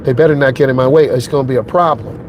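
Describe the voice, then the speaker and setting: A man's voice: mid-range voice, steady tone, racing, darkish tone, a little hiss or hum. A middle-aged man, a driving instructor, talking earnestly and emotionally to his viewers from inside his truck while driving, repeating his points and checking in with "okay?". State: emotionally shaken.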